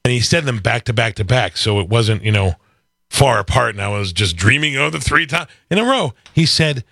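A man with a bright, gravelly voice that swings a lot in pitch as he jabs sarcastically at politicians. He often stumbles through repeated words. The sound is dry and close. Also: lively intonation, brisk, no echo. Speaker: co-host of a political talk show. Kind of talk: casual political chat.

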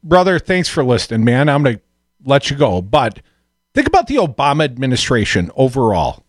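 Animated male talk radio host. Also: medium pitch, a little fast, dry recording, clean studio sound. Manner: animated, self-deprecating, loose rambling.

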